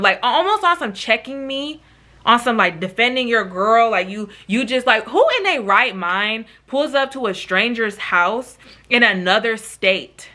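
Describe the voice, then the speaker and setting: A woman telling a dramatic storytime to her viewers, animated and profane, often addressing them as y'all. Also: on the high side, measured pace. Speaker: YouTube storyteller. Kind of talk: casual storytime.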